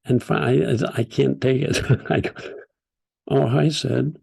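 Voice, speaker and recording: An older man teaching a group, telling stories in a gentle, unhurried way with soft laughs. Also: mid-range voice, steady tone, creaky, breathy edge. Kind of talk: storytelling talk.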